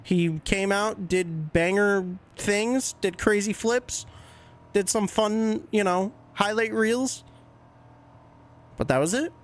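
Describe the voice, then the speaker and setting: A man with a fairly high voice hosts a laid-back wrestling commentary podcast, speaking slowly. He shares chatty, candid fan opinions and drops in the odd casual swear word.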